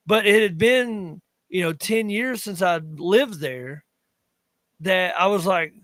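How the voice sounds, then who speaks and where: A man in his thirties from western North Carolina in Appalachia, with an Appalachian accent, co-hosts a podcast, telling rambling stories in casual chat and often breaking off mid-sentence. His voice is high and a bit bright, and he speaks slowly. The recording is dry.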